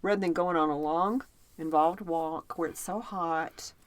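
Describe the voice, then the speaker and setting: Speaking a little slowly in a lowish voice, a woman co-hosts a podcast, telling stories with animation in relaxed chat and laughing often. There's no room sound.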